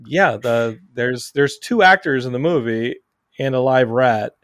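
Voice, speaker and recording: A man's voice: mid-range voice, unhurried, no echo, clean studio sound. A man hosting a podcast, chatting casually and acting out quotes as he tells stories. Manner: animated storyteller, acts out quotes. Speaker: podcast host. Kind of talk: casual chat.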